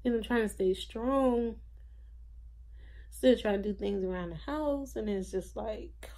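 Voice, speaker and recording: A woman's voice: fairly high pitch, a little slow, warm tone. Tired, drained young woman. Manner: rambling, filler-heavy storytelling. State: tired, low energy. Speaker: vlogger. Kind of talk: personal video diary. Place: at home, indoors.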